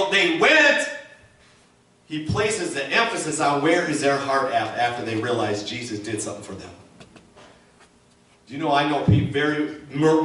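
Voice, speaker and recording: A man with a slightly high, bright, forceful voice preaches as pastor, emphatically calling for the congregation to repeat his words. He's captured at a distance in an echoey church sanctuary with slight background noise.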